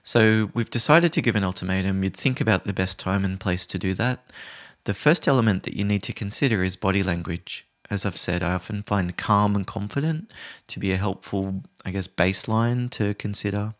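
A man who trains people in conflict resolution, giving a calm, measured solo talk. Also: fairly low pitch. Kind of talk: podcast explainer, solo talk.

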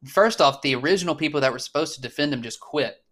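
A man's voice: a little high, animated, quick pace, fairly bright tone. A man co-hosting a casual political chat, blunt and swearing often, with lots of fillers and restarts. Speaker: podcast co-host.

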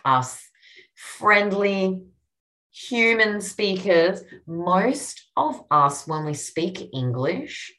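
A woman's voice: mid-range voice, sing-song, very slow, pushed and bright. A woman with an Australian accent, hosting a casual instructional podcast as a copywriting coach, talking in an upbeat, encouraging, chatty way.

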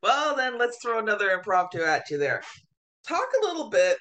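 Bright, playful interviewer. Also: medium pitch, big pitch swings, moderate pace. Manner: playful, informal. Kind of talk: casual interview questions.

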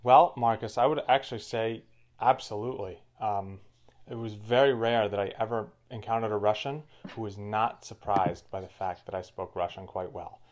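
A male co-host in a relaxed conversation, his voice pitched slightly low. He talks fluently and explains his points at length. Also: normal speed. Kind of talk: casual chat.

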